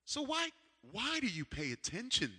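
Animated preacher man in a reverberant hall. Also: extremely high pitch, normal speed, breathy edge. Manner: animated preaching, swings from loud to hushed. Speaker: pastor. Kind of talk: sermon with a personal story.

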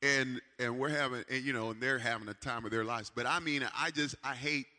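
Animated preacher man in a reverberant hall. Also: medium pitch, a little fast. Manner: animated preaching, swings from loud to hushed. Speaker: pastor. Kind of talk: sermon with a personal story.

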